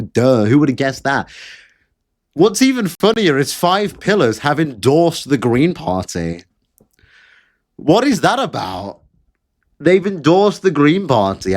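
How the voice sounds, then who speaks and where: Male commentator, higher-pitched voice, sarcastic mocking rant delivery. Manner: sarcastic, mocking, repeats phrases for effect. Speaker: political commentator. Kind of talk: casual ranting commentary.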